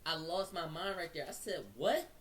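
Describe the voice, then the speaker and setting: A man's voice: on the high side, normal speed, recorded from a distance. A man telling a story in casual slang, acting out what people said to him and speeding up as it gets tense. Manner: slangy, acts out quotes, speeds up when excited. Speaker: storyteller recounting an incident.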